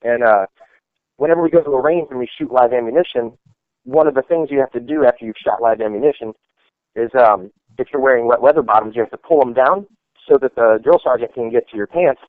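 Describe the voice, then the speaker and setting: Man, army veteran, rambling casual storytelling, quick talk, dry phone-like sound. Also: mid-range voice, dry recording. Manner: rambling, full of "like" and "you know".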